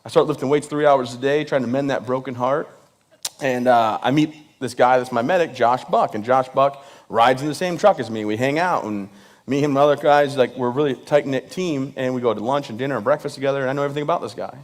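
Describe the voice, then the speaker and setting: A man's voice: mid-range voice, fast. A man in his thirties, a veteran guest speaker, telling funny stories to an audience and laughing at his own jokes. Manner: addresses the crowd directly and energetically. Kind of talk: humorous storytelling speech to an audience.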